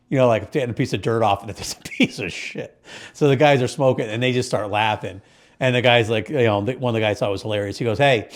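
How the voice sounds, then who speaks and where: A man with a Connecticut accent, co-hosting a podcast and telling stories in a casual, profane, animated way, acting out the people in them. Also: medium pitch. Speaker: podcast co-host. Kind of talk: casual storytelling chat.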